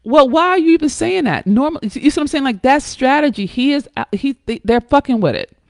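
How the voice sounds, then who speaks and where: A woman hosting a live stream, talking in an emphatic, blunt and profane way, with sudden jumps up in pitch and loudness and frequent check-ins with her listeners. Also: lively intonation, brisk, no echo, clean studio sound. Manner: coaxing, checks in with listeners often. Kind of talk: impassioned live-stream talk.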